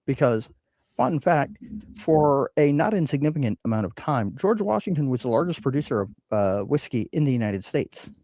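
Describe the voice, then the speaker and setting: A man's voice: medium pitch, big pitch swings, normal speed, dark tone, dry recording. Guy hosting a whiskey show, rambly, lots of uhs, dry close mic. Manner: rambling, hesitant with many fillers. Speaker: podcast host. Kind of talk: casual chat.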